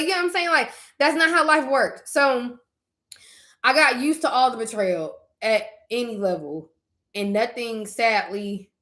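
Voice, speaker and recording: A young woman shares her faith in a casual vlog, talking frankly and turning to her viewers as if chatting with friends. Her voice sits a touch high and rings bright and forward. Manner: candid, conversational, addresses viewers directly. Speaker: faith vlogger.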